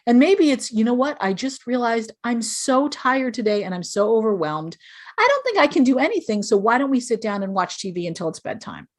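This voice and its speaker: A woman's voice: a little high, normal speed, few pauses. A woman speaking as a podcast guest, giving earnest, explanatory parenting advice and acting out sample phrases parents might say. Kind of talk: podcast interview.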